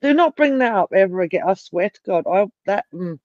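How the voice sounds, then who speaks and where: A woman's voice: mid-range voice, expressive, brisk, muffled recording. A woman co-hosting a casual podcast, blunt and emphatic, swearing often. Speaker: podcast co-host. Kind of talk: casual chat.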